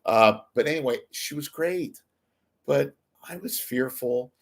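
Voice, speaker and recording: A man's voice: medium pitch, expressive, unhurried. An older man hosting a livestream, chatting casually in a rambling, self-mocking way. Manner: rambling, self-deprecating joking. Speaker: livestream host. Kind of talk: casual chat.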